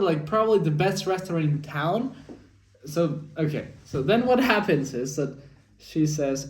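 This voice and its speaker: A young man rambles through a weekly diary story full of fillers and restarts. His voice sits a little high. He sounds set back from the mic in an echoey room. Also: lively intonation, moderate pace, a little mellow, far from the mic. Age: young adult. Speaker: vlogger. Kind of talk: casual spoken diary.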